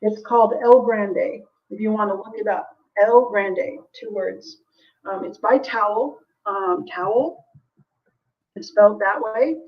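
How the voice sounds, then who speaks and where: A woman's voice: mid-range voice, measured pace, distant mic, muffled recording. A woman hosting a live jewelry sale, chatting casually with viewers, full of ums and little laughs, from the United States. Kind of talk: casual live-stream selling chat.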